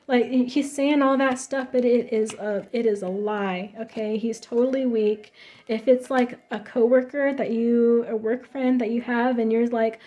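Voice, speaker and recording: A woman's voice: on the high side, fairly even intonation, moderate pace, warm tone. A woman giving a casual tarot reading in an emphatic, chatty way, full of fillers and restarts. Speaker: tarot reader.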